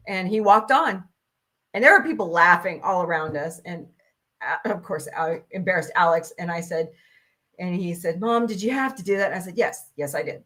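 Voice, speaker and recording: Bright-voiced blunt woman ranting. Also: on the low side, expressive, normal speed. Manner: blunt, profane, laughs often. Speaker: host. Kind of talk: casual ranting chat.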